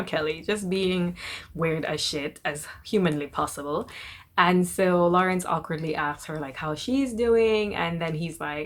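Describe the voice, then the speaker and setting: A young woman casually recapping a TV episode, chatty and animated, quoting the characters in quick bursts. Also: sits low. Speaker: TV episode reviewer.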